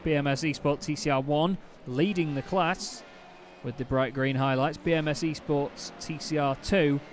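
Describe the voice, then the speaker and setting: A man's voice: a little high, moderate pace, slight background noise. Chatty man calling a sim race. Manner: chatty, self-correcting, excitable at incidents. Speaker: race commentator. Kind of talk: play-by-play sim racing commentary.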